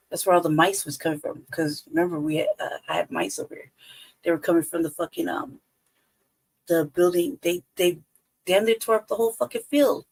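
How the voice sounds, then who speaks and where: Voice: mid-range voice, creaky, slightly rough, low-quality recording. A live-stream host from Colorado telling a profane, rambling story at home, swearing constantly and laughing between lines. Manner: lively storytelling with quoted asides. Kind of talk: casual profane rant. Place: home, indoors.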